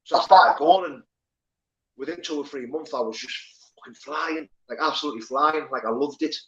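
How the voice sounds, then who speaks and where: A man's voice: on the high side, a little fast, a bit bright, dull audio. Candid, sweary man telling his story. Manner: candid, sweary, rambling with many fillers. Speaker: guest, former prisoner turned pro fighter. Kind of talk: casual interview storytelling.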